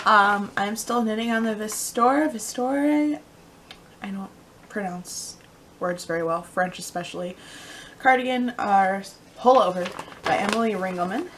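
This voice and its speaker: A young woman hosting a casual knitting podcast, rambling and chatty with lots of ums and quiet asides. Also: medium pitch, unhurried, a little hiss or hum, poor audio. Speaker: podcast host.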